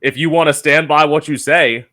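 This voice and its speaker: A man's voice: on the high side, normal speed. A man hosting a casual podcast, telling frank stories and acting out quoted lines. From United States. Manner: animated storyteller, acts out quotes, frank. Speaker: podcast host. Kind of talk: casual chat.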